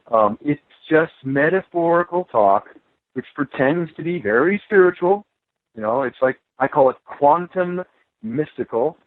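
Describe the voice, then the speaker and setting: A man in a conversational interview, speaking at a mid pitch and rambling with frequent restarts and repeated words. He comes through a thin, phone-like line with a narrow band. The sound is dry, with no room echo. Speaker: author and interview guest. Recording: tinny phone-line audio.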